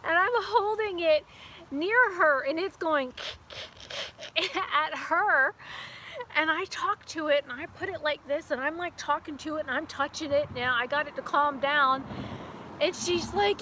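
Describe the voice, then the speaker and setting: A woman telling a story in a casual vlog, her voice high and bright. She talks in a chatty, animated way, laughing as she goes. A faint hum of outdoor noise sits behind her. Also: a little slow. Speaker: beauty vlogger. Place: outdoors near a house.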